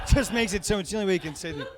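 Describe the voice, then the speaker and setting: A man's voice: sits high, very noisy. A male stand-up comedian on a comedy club stage, talking in a profane, rambling, conversational way.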